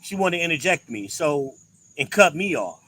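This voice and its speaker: Blunt, profane man ranting with bright tone. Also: on the high side, very animated, normal speed, low-quality recording. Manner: blunt, profane, emphatic inflections. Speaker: podcast host. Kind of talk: ranting commentary.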